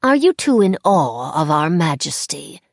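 A woman's voice: sits low, very animated, measured pace, vocal fry, no room sound, studio quality, heavily acted. A woman doing a haughty cruel faerie queen. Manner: haughty, mocking, raised voice.

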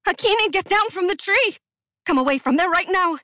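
A woman reading aloud, voicing a frantic queen who screams commands in a much higher, louder voice. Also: animated, fairly quick, no echo, studio quality, exaggerated voice.

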